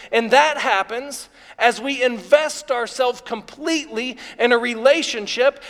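A man preaching a live sermon to a congregation, enthusiastic and excitable. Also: very high voice. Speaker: pastor. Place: church sanctuary before a congregation. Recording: long reverb of a large hall.

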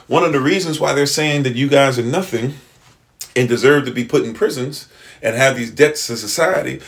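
Guy ranting on a livestream, keeps asking right?, stumbles and restarts, talks to chat. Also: medium pitch. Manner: repetitive, rhetorical "right?" checks, stammering restarts; talks to live chat and a partner off-mic. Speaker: livestream host. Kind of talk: lecturing livestream talk.

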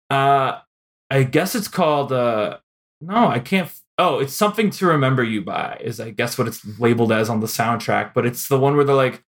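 A man co-hosting a podcast, chatting casually about old movies with lots of fillers and quick laughs. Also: mid-range voice, fairly bright tone. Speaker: podcast co-host. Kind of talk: casual film discussion.

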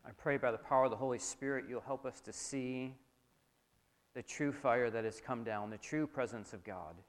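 Speaking at medium pitch and a normal speed, a male pastor delivers a sermon in a church hall with a long reverberant tail. He gives the scripture a dramatic reading, then lowers his voice softly for prayer.

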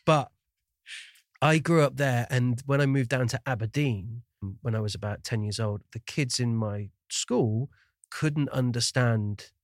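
A podcast host from Scotland's Shetland Islands speaks at a medium pitch and unhurried pace, his accent mostly neutral British with faint traces. He chats casually and self-deprecatingly, laughing often, in a dry, clean studio recording.

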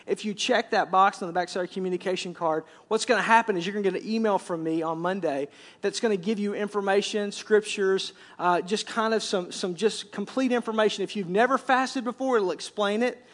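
A middle-aged man gives a sermon as a church's senior pastor. His voice sits high for a man. He talks in a loose, conversational way, often doubling his words as he quotes scripture. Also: fairly even intonation, a little fast. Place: church sanctuary.

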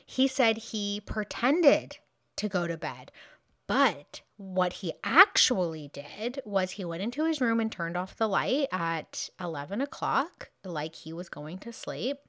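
A woman's voice: mid-range voice, big pitch swings, a little slow, a bit bright, no room sound, studio quality. A woman hosting a true crime podcast, recounting a case in a casual, conversational way with frequent asides and fillers.

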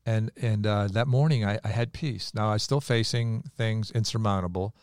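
A pastor with a low voice talks through a personal story in an earnest, confessional way. The sound is dry and close, with no room around it. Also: male voice, fairly even intonation, normal speed, a little mellow, smooth, no echo. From United States. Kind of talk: conversational faith talk.

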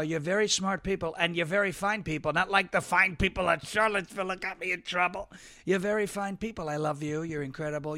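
Brash bright-voiced male commentary host. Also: high voice. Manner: brash, mocking, jumps between topics. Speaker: show host. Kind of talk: live political commentary stream.

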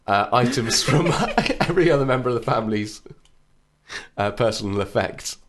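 Podcast host guy, mock posh formal, lively up-and-down voice. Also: mid-range voice, moderate pace, background noise. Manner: mock-formal, addresses listeners. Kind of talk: comic casual chat.

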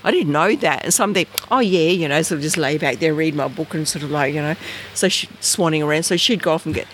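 An Australian woman, an interview guest, telling a personal story in a lively way and acting out the voices and sounds in it. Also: low-pitched, quick pace, a little hiss or hum. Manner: animated, acts out voices and sounds.

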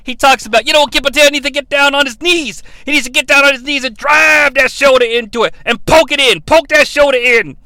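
A man hosting a comedic wrestling recap podcast, sarcastic and profane, breaking into loud impressions. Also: very high voice, brisk, hardly any pauses, no room sound. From New York. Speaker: podcast host.

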